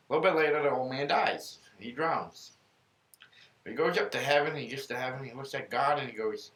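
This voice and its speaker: A man's voice: mid-range voice, a little fast, a bit bright. A man hosting a casual faith podcast, telling stories in an earnest, rambling way. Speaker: podcast host. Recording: roomy room echo.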